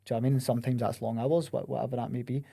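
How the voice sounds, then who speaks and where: A young Scottish podcast host chats casually in a mid-range voice with a level tone, very fast delivery, vocal fry and a dark quality. He laughs and swears often and says "mate" a lot.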